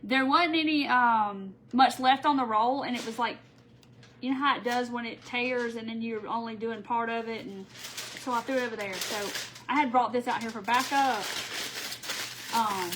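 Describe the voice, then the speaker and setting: A chatty woman with a high, bright voice. She hosts a casual craft livestream from home, laughing often and answering viewers by name as she works. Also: moderate pace, slight background noise, poor audio. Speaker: craft tutorial host.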